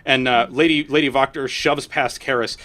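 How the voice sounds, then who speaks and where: A man's voice: mid-range voice, steady tone, moderate pace, pushed and bright. Casual male dungeon master. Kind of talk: narrating a tabletop game.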